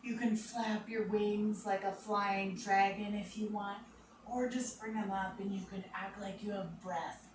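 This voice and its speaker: A woman leading children through guided relaxation and yoga moves, giving slow, soothing instructions and making playful animal noises. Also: medium pitch, fairly even intonation. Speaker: kids' yoga teacher. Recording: echoey room, voice from a distance, noisy background.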